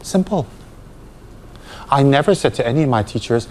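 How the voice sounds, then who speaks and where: A man's voice: medium pitch, animated, a little slow, pauses often, slight background noise. Emphatic man giving a dharma talk. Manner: emphatic, with rhetorical questions and light laughter. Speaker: Buddhist teacher.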